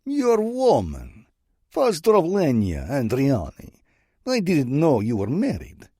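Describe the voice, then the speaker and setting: A man's voice: fairly high pitch, wildly swooping pitch, slow pace, dark tone, slightly rough, dry recording, clean studio sound, pitched above the performer's own voice, heavily acted. A man voicing a sly, menacing male Russian mob boss with a drawling, mocking Russian accent. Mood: sly taunting. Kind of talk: audiobook character voice.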